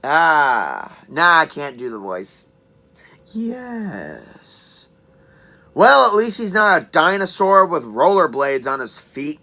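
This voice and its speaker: Bright-voiced young woman reviewing games. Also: low voice, big pitch swings, moderate pace, few pauses. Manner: chatty, enthusiastic, joking asides; clears throat often. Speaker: game reviewer. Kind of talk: casual spoken review.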